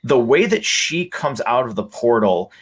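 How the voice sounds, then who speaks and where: A man's voice: medium pitch, sing-song, unhurried, slightly rough. A man hosting a podcast, talking casually and with enthusiasm, with lots of fillers and restarts. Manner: enthusiastic, rambling with many fillers. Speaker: podcast host.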